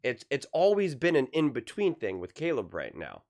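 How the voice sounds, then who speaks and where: A man's voice: medium pitch, moderate pace. Male sports talker, casual opinion rant, stumbling restarts. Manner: rambling, repeats words, animated. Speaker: sports commentator.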